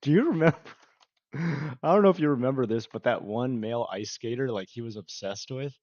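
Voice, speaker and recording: A man's voice: mid-range voice, a little fast, a little mellow, dry recording, lo-fi sound. A man chatting casually with his stream viewers, rambling and laughing often. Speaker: livestreamer. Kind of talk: casual livestream chat with viewers.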